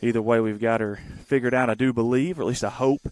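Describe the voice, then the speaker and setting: A man in his thirties giving casual, rambling live play-by-play of a softball game from the field outdoors. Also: medium pitch, steady tone, quick pace, no room sound. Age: 30s. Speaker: sports webcaster.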